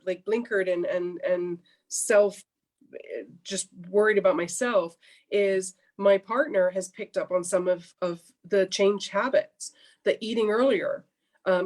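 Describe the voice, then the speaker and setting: A middle-aged woman, a coaching client, telling her story candidly in an interview and acting out her own past remarks with lively energy. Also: mid-range voice.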